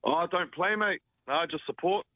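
A man's voice: a little high, fairly quick. A man calling in to a radio show over the phone, giving brief, casual answers. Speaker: radio caller. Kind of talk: phone-in chat. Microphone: phone line. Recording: loud noisy phone line.

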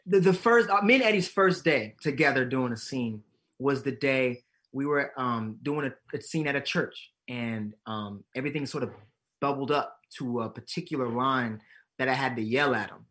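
Guy telling stories on a podcast, average pitch, laughs a lot and does the voices. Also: normal speed. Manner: animated, acts out quotes, laughs often. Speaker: actor and comedian guest. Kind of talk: casual interview storytelling.

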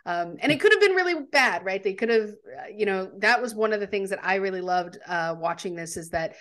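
A woman co-hosting a casual movie discussion podcast, animated and laughing often. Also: medium pitch, fairly quick. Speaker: podcast co-host.

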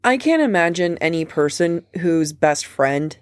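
Low-voiced woman chatting casually. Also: animated, dry recording, clean studio sound. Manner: chatty, laughs often, quick asides. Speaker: co-host of a book podcast. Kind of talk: casual chat.

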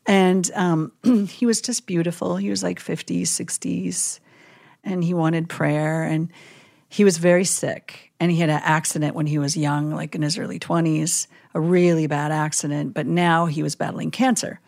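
A woman chaplain telling a vivid story in a casual podcast chat, animated and full of "like" and "you know". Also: low-pitched, moderate pace, creaky.

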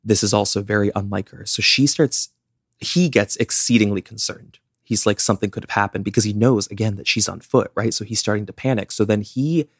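A man's voice: fairly low pitch, dry recording, clean studio sound. A young man co-hosting a podcast, casually telling a true-crime story with lots of "like" fillers. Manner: chatty, many "like" fillers. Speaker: podcast co-host.

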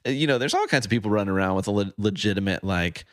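A man with a very low voice co-hosts a casual podcast. He jokes and rambles in a relaxed way, and the recording sounds dry and close. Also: fast talker, dry recording. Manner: relaxed, joking, rambling asides. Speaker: podcast co-host. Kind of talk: casual chat.

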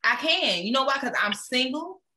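Brief: woman co-host, high lively voice, blunt, profane, animated chat. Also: normal speed. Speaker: podcast co-host. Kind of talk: casual chat.

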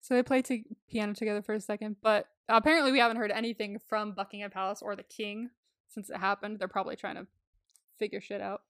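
A woman's voice: mid-range voice, level tone, fast, dry recording, studio quality. A young woman co-hosting a podcast, chatting casually, laughing often and swearing freely as she gushes. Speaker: podcast co-host. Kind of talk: casual chat.

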